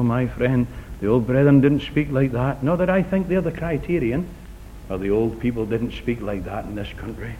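A middle-aged man preaching a sermon in a church hall, earnest and dramatic, swinging from loud appeals to hushed near-whispers and repeating key phrases for emphasis. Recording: echoey, dull recording with low rumble.

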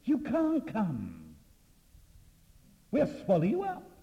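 A man voicing the mocking wind, high and loud. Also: wildly swooping pitch, slow, creaky, heavily acted. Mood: taunting. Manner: high, loud, sneering taunts. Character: the taunting wind, mocking and menacing. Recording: reverberant, dull lo-fi hall recording.

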